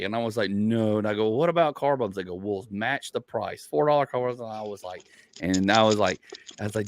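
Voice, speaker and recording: A man, a comedian and podcast host, telling a rambling story in casual chat. He laughs at his own stories and his voice jumps up in pitch. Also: a little fast, no room sound.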